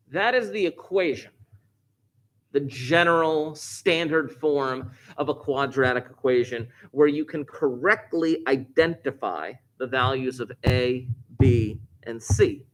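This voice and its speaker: A man's voice: medium pitch, a little hiss or hum. A man teaching a class, explaining step by step and repeating key points, recorded in a classroom. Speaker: math teacher. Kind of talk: classroom lecture.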